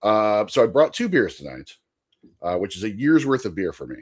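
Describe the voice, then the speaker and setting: A man's voice: on the low side, big pitch swings, moderate pace, breathy edge. A man chatting casually on a podcast, telling a long rambling story and laughing often. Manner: chatty with frequent fillers and asides.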